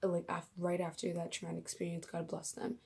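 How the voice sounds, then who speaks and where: Young woman, faith vlog, low flat voice, dark tone, emotional, slips into whispers. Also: brisk, gravelly, breathy edge. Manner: emotional, gushing, drops to whispers. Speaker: vlogger.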